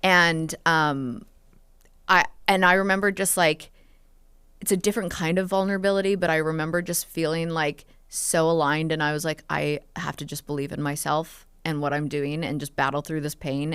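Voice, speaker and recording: Low, smooth-voiced woman telling stories. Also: fairly bright tone, no echo. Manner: open, storytelling, lots of "like" and "um". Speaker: guest. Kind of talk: casual podcast chat.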